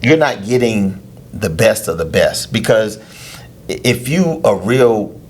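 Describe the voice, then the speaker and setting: A man, a youth lacrosse coach, explaining things in a casual interview with drawn-out hesitations. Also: lowish voice, big pitch swings. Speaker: head coach of a youth lacrosse team, podcast guest.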